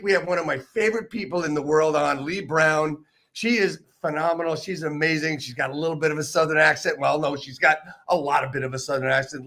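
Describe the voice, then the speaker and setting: This man hosts an interview program and keeps the conversation loose and casual, eager but meandering, frequently starting sentences over. He speaks on the high side with a sharp tone.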